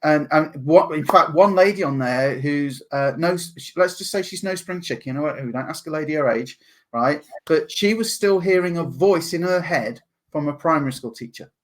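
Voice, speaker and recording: An English man talking as a podcast guest, animated and laughing often as he acts out other people's voices. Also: fairly high pitch, normal speed. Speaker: guest, NLP practitioner. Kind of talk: podcast interview.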